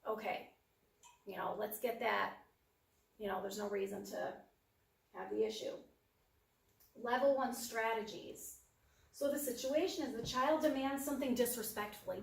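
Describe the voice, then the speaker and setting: Lady running a parenting workshop, kinda high voice, sounds far off in a big echoey room. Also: normal speed, vocal fry, pauses often. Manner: practical, acts out parent and child lines. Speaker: workshop presenter.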